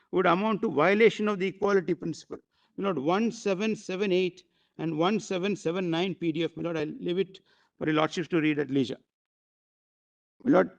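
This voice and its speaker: A man's voice: high voice, muffled recording. A man arguing before a court, formal and deferential, addressing the bench constantly and sometimes hesitating with fillers. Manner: hesitant at times, with fillers and restarts. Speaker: advocate. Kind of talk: courtroom argument.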